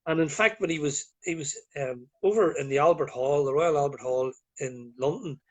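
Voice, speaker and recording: A man's voice: fairly high pitch, moderate pace, darkish tone. Rambling Northern Irish man. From Northern Ireland. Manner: rambling, storytelling with many fillers. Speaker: guest. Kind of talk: casual chat. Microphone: video call.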